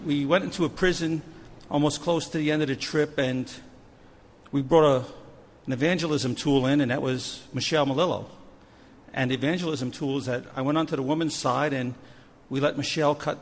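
A man, a missions pastor, telling a story from a trip as part of a sermon, animated and shifting in loudness. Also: on the high side, a little fast, a little hiss or hum. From New Jersey. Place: church sanctuary. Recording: long church hall reverb.

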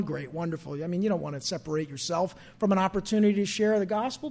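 High-voiced pastor preaching conversationally. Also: male voice, a little mellow. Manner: conversational, asks the congregation questions. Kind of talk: sermon.

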